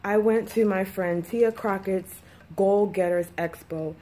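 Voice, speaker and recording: In a casual personal vlog, a woman speaks in a warm, unhurried, mid-range voice. Her talk rambles candidly, full of fillers and restarts, and at times she sounds close to tears.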